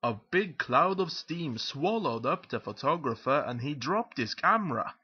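A man narrating a children's picture book aloud in a lively, expressive storytelling manner. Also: a little high, normal speed, breathy edge, highs cut off.

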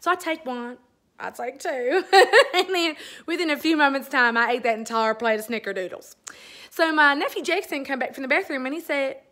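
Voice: sits high, moderate pace, sharp tone. A performer playing a gossipy middle-aged church woman, giggling through a dramatic confession. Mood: chatty. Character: giddy middle-aged Southern church lady on social media. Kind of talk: comic character monologue.

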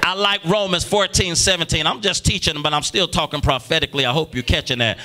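A man preaching a sermon as pastor in a church, calling on the congregation to answer back and rising into shouts. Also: a little high, quick pace, few pauses. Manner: preaching with call-and-response, bursts into shouting. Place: church sanctuary.

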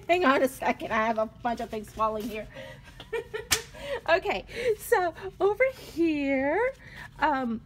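A woman's voice: sits high, sing-song, slow, a little hiss or hum. A woman with a Spanish accent showing off paper craft supplies in a casual home vlog, gushing and laughing at herself, recorded on a phone. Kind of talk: casual product flip-through. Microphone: phone on a selfie stick.

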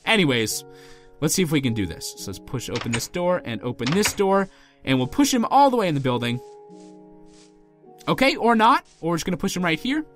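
A man's voice: fairly high pitch, big pitch swings, brisk, a bit bright, soft background music. A man giving let's play commentary as a channel host, pleading, exasperated and melodramatic.

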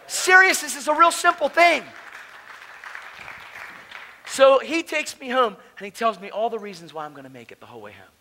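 A man telling his testimony at a conference, animated and casual, swinging between loud bursts and hushed asides. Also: extremely high pitch, normal speed, long pauses, a faint crowd, low-quality recording. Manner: casual slangy talk. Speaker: conference speaker. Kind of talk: preaching personal testimony. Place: conference hall, live audience.

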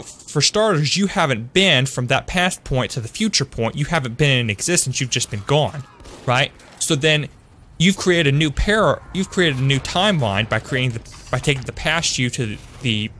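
A man's voice: mid-range voice, lively intonation, normal speed, bright, forceful tone. A young man streaming a shooter game live, chatting upbeat with his viewers and greeting them by name, often correcting himself mid-sentence. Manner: self-correcting, trails off with fillers. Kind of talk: live-streamed gameplay commentary.

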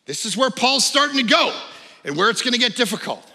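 Animated, gravelly-voiced preacher in a hall. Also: male voice, brisk. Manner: animated storytelling, shouting in excitement then dropping low. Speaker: pastor. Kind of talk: sermon.

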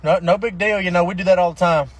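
A man's voice: high-pitched, steady tone, fast, dry recording. A man playing a job site boss in a comedy sketch, evasive and hesitant, stalling with fillers.

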